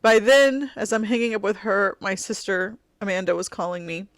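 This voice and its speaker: A middle-aged woman tells a deeply personal story on her podcast, stopping and restarting as she searches for words. Her voice sits at an ordinary middle pitch, and the recording is close and dry. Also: steady tone, no room sound. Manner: halting, heartfelt recounting with many fillers and restarts. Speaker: podcast host.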